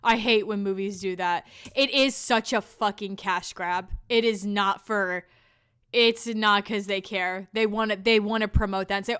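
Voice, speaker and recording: Smooth-voiced woman swearing on a podcast. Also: medium pitch, steady tone, normal speed, a bit bright. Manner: blunt, swears often, fired-up. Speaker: podcast co-host. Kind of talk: casual movie podcast chat.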